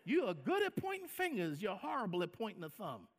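Pastor, male, high gravelly voice, lively delivery with acted-out quotes. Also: a little fast. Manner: animated preaching, acting out quoted lines, repeats words for emphasis. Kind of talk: sermon.

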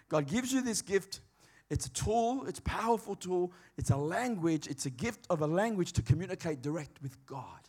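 A man preaching a sermon in a conversational, emphatic way, swinging between quiet and loud. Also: sits high, slightly rough. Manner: conversational, emphatic, varied dynamics.

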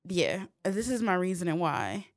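A woman's voice: lowish voice, sing-song, moderate pace. A woman in casual chat, blunt and giggly, with lots of fillers.

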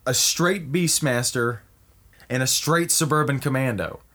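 Guy riffing a crazy movie pitch, swears a lot, keeps going "right?", voice jumps around. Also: measured pace, sharp tone. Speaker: comedian pitching movie ideas. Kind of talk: comedic banter.

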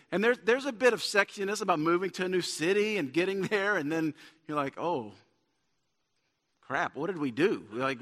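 In a high, slightly bright voice, a man preaches as pastor in a church sanctuary. He is earnest and builds to emphatic points, and the recording has a long church-hall reverb.

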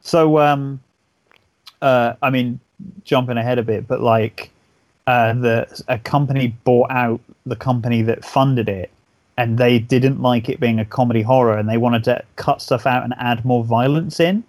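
A man's voice: medium pitch, fairly even intonation, normal speed, a little mellow, no echo. A man chatting casually about horror film effects on a podcast, enthusiastic and rambling, swearing often as he restarts his sentences. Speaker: podcast co-host. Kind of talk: casual film review chat.

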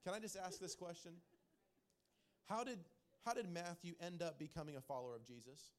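Male pastor, sermon delivery, slightly high-pitched, earnest, repeats lines for weight. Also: fairly quick. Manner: earnest, repeats key phrases for emphasis. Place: church hall with congregation.

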